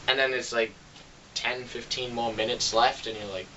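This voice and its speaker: A man giving a casual film review, exasperated and sarcastic, acting out reactions with sudden jumps in pitch. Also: steady tone, moderate pace, sharp tone, far from the mic, highs cut off, a little hiss or hum. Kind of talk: casual movie review rant.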